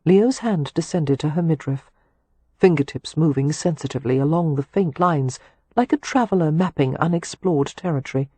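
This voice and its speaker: Breathy woman narrating a romance audiobook. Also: low voice, moderate pace, warm tone, no room sound.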